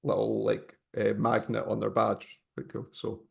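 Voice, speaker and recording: A man's voice: lowish voice, completely flat delivery, unhurried, creaky. A Scottish man, co-host of a podcast, chatting casually and rambling through a story. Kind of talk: casual chat.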